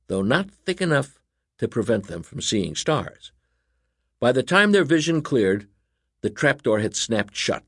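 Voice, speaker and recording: A man reading a children's story aloud as narrator, in an animated, expressive way. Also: medium pitch, no room sound, studio quality.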